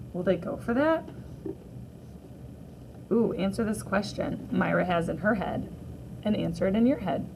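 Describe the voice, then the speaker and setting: A woman teacher reading a graphic novel aloud for children, gently voicing each character in turn. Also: medium pitch, creaky, slight background noise, poor audio.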